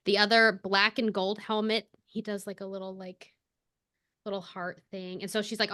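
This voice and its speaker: A woman co-hosting a podcast animatedly retells a story in casual chat, laughing often and using lots of fillers. Her voice is mid-range and sharp in tone, and she speaks fairly quickly.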